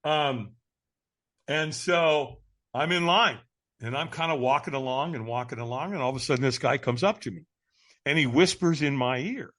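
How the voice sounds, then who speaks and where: A man, a guest speaker, telling a story in an energetic, emphatic way and laughing often. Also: medium pitch, normal speed. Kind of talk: animated storytelling.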